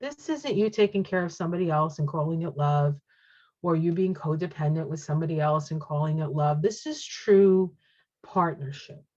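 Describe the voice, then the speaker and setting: Woman reading tarot, chatty, excitable, lowish voice, dull lo-fi sound. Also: normal speed. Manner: chatty and excitable, reacting aloud to each card. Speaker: tarot reader. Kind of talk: casual tarot reading to camera.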